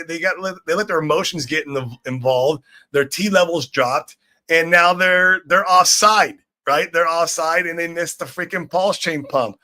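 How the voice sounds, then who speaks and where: A man's voice: fairly high pitch, pushed and bright. A man hosting a casual crypto livestream, hyped and swearing freely as he greets viewers in chat. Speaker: livestream host. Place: room in Shanghai.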